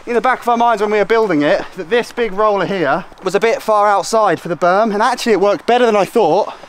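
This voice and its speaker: A man's voice: sits high, quick pace, a little hiss or hum. A man chatting casually and joking with a friend at an outdoor bike track. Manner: chatty, self-mocking banter. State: out of breath. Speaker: vlogger and rider. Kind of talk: casual chat.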